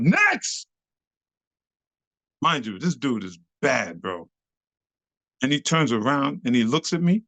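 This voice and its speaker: A middle-aged man, a club dancer telling a lively, slangy story as an interview guest and acting out the voices of the people in it. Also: medium pitch, no echo. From New York City. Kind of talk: animated storytelling.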